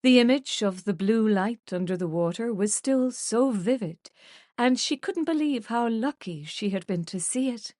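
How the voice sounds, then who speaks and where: A woman narrating an audiobook in a measured, even storytelling manner. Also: on the high side, no echo, clean studio sound. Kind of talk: scripted narration.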